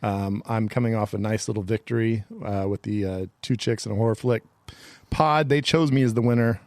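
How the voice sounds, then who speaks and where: A man's voice: on the low side, a little fast, no room sound. A man hosting a comedy podcast, telling a playful story in casual banter and laughing often. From California. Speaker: podcast host. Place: outdoor studio.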